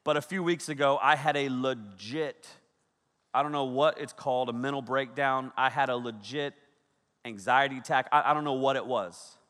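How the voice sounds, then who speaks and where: A man in his thirties, a youth pastor preaching a sermon, telling stories with animated energy, shouting out quoted lines and laughing often. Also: medium pitch, normal speed. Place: large hall with a big audience. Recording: echoey hall with long reverb.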